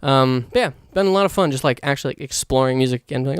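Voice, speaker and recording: A young man rambles through a solo podcast, gushing and swearing in a loose, excitable way. His voice sits a bit high and comes out fast and clean, and the recording is dry, with no room echo. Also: clean tone. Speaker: podcast host. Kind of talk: casual solo podcast monologue.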